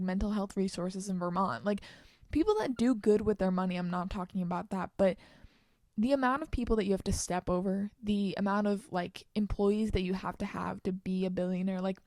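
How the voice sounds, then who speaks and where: A young woman hosting her own solo podcast, ranting heatedly with frequent swearing and quick bursts of anger. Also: medium pitch, a little mellow, no echo, studio quality. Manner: heated, swearing, rapid outbursts. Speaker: podcast host.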